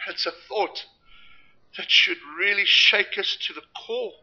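A man delivers a sermon in a high, piercingly bright voice, building to loud emphatic peaks and dropping to hushed asides. The recording sounds dull and lo-fi. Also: steady tone, a little slow. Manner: impassioned, emphatic preaching with dramatic swings in loudness. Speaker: preacher.

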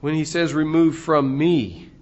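A man preaching a sermon in a slow, deliberate way, his voice swelling louder on key phrases. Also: a little high, fairly even intonation. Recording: dull lo-fi recording.

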